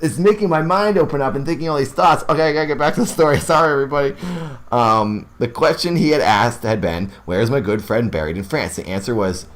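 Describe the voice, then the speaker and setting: A man narrating ghost stories aloud who keeps stopping to react excitedly and ramble to his listeners before going back to the text. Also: a little high, fast talker. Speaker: horror story narrator.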